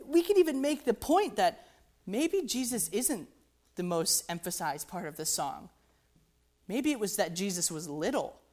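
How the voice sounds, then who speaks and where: A woman's voice: medium pitch, darkish tone. A woman teaching how a hymn's melody works, talking conversationally, often checking in with "right?" and musing "interesting.". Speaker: music teacher.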